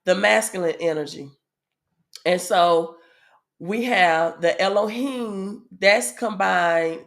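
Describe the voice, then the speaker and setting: Southern woman, casual spiritual teacher, slow measured delivery with fillers. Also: mid-range voice, vocal fry. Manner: asks the audience "right?" often; unhurried with frequent "um" fillers.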